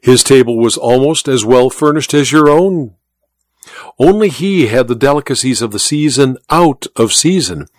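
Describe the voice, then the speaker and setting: A man's voice: mid-range voice, no room sound, lightly acted. A man voicing a suave, scheming colonel in an audiobook reading, deferential and precise. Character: scheming male colonel, suave courtly torturer. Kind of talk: audiobook character voice.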